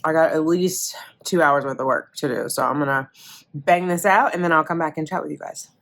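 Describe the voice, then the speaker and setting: Low-pitched and fairly quick, a young adult woman gives a chatty, animated account of her day in a casual vlog.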